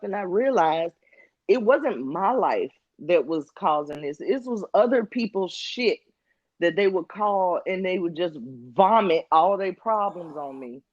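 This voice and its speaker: A woman's voice: medium pitch, no room sound. A chatty woman co-host tells stories and teases her friends, putting on little voices. The sound is dry and a little muffled, like a modest home setup. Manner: animated storyteller, laughs often, mimics friends. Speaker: podcast co-host. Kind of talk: casual chat.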